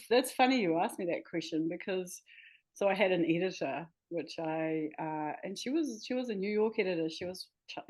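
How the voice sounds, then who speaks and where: A New woman talks as a guest on an interview show, her voice sitting a little low for a woman. She sounds enthusiastic and laughs easily, and she sometimes hunts for the right word mid-sentence. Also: darkish tone. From New Zealand. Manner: enthusiastic, laughing, searching for words. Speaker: guest, healer and author. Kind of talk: casual interview chat.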